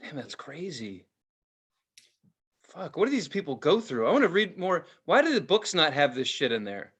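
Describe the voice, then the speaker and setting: A man on a casual podcast, talking in a high voice that swings wildly up and down. He rants in an animated, profane way, with lots of cursing and exaggerated outbursts. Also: normal speed, breathy edge. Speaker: podcast co-host. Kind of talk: casual chat.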